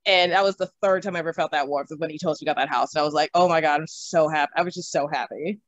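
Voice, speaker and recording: A young woman telling stories from her own life in an interview. She is animated, laughs often and swears casually. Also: deep voice, very fast, no room sound. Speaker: interview guest. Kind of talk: casual storytelling. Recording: slightly dull, dry recording.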